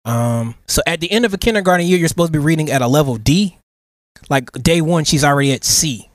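A man in his thirties co-hosting a casual podcast, telling a story in an animated, slangy way and getting emotional. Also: a little high, quick pace, no echo, clean studio sound. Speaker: podcast co-host. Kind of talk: casual chat.

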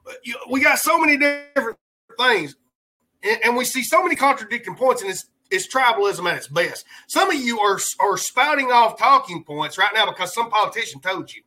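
A man's voice: very high-pitched, animated, brisk, sharp tone, poor audio. A man hosting a podcast, giving rambling, heated political commentary in a colloquial way. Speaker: podcast host.

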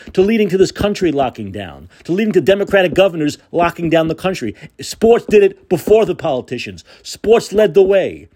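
A man's voice: high-pitched, darkish tone. A man hosting a podcast, delivering a combative, sarcastic opinion monologue. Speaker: podcast host.

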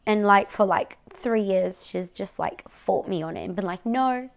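A woman's voice: mid-range voice, fairly even intonation, normal speed, vocal fry. Frustrated Australian woman venting to camera. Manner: venting, frequent swearing and "like" fillers. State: near tears, voice breaking. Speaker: vlogger. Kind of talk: emotional personal vlog.

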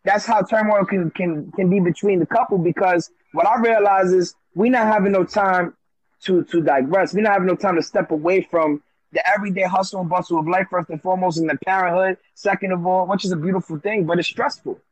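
A man's voice: high voice, fairly quick, husky, dry recording. A man telling stories in casual chat, slangy and profane, on a dull, dry lo-fi recording. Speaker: show participant.

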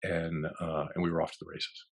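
A man's voice: deep voice, monotone, fairly quick, gravelly, breathy edge. A man, a guest actor, telling rambling backstage stories in an interview, full of restarts and acted-out quotes. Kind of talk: storytelling in a podcast interview.

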